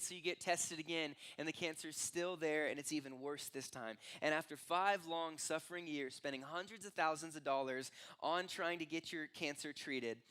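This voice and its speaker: A man's voice: fairly high pitch, smooth. A young man preaching a sermon as pastor, telling stories and acting out voices. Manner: storytelling, acts out voices with rising excitement.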